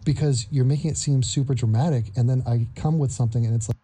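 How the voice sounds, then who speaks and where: A man's voice: mid-range voice, quick pace, dark tone, breathy edge. A man hosting a ranting reaction commentary, sarcastic and repeating his phrases again and again. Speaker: commentary host.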